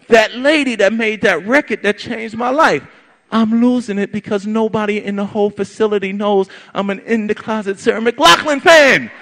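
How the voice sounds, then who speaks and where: A man telling a personal story to an audience, animated and emphatic, with lots of repetition. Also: sits high. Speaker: storyteller on stage.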